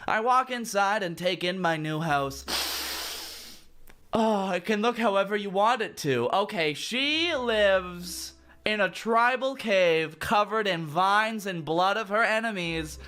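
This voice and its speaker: A man's voice: sits high, a little slow. A man reading a fan fiction about himself aloud, stopping often to mock it with sarcastic asides. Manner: sarcastic, animated. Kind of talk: dramatic reading with sarcastic commentary.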